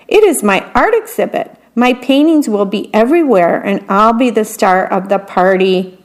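A woman's voice: medium pitch, expressive, moderate pace, natural voice. A woman voicing a competitive young male animal brother who paints, in a storybook read-aloud. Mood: defiant.

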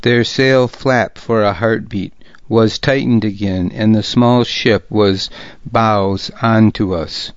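A man narrating a historical novel in the first person, with a deliberate, gravely serious reading. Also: fairly low pitch, fairly even intonation, no echo, dull audio. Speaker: audiobook narrator.

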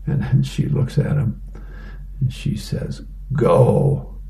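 Slow, deeply gravelly man reading comics. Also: rough recording. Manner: casual, relaxed, with fillers. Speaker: volunteer newspaper reader. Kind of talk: reading comics aloud for radio.

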